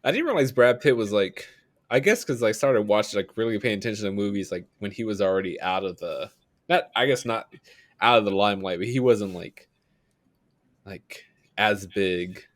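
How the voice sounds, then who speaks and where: A man's voice: on the low side, expressive, moderate pace, dry recording, clean studio sound. A young man co-hosting a podcast in casual, rambling, slangy chat, often breaking into laughter. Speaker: podcast co-host.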